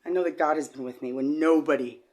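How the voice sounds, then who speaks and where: A middle-aged woman telling an emotional personal story, rambling and halting with many repeated words, swinging from quiet to loud. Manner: shifts from low and quiet to loud and high when agitated. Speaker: vlogger.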